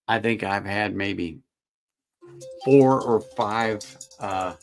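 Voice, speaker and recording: Middle-aged guy on a whiskey stream, gravelly and low, folksy rambling chat with viewers. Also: extremely slow, faint music behind. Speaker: whiskey channel host. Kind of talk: casual livestream chat.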